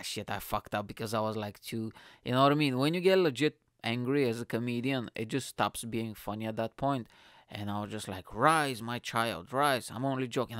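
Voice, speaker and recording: A man's voice: medium pitch, clean tone, no room sound, clean studio sound. A young man, a comedian, casually telling a story, acting out quotes, swearing freely and laughing often.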